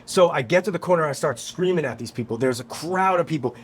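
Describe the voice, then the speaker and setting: A man from New York, a guest musician, telling a story on a podcast in a casual, animated, profane way. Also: fairly high pitch, quick pace, breathy edge. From New York, USA. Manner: animated, profane, acts out quotes.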